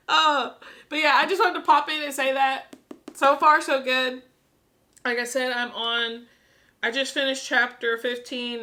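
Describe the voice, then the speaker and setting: A woman filming a casual book reaction vlog, gushing and excitable, often laughing and repeating herself as she rambles. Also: high voice. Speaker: book vlogger. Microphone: camera she films herself with.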